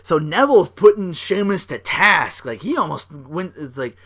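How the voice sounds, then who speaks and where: A young man hosting a podcast, recapping wrestling in a rambling, casual way, swearing freely and acting out wrestlers' lines in loud bursts. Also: high voice, very animated, moderate pace. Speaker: podcast host.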